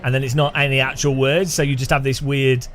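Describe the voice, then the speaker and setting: A man's voice: mid-range voice, little pitch movement, a little fast, a bit bright. A man streaming a racing game in casual, rambling chat with a faint music bed behind. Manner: rambling, chatty, laughs often, hums and imitates sounds.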